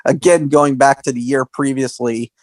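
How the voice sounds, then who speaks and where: A man co-hosting a podcast, recapping wrestling history in animated casual chat and acting out quotes in a raised voice. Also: medium pitch, moderate pace, no room sound. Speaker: podcast co-host.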